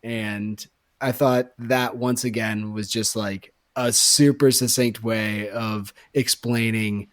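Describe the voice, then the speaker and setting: A man's voice: fairly low pitch, steady tone, takes it slowly, dry recording. A young adult man co-hosting a book club podcast, chatting eagerly and laughing easily. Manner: chatty, enthusiastic, easy laugh. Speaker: podcast co-host. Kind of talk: casual chat.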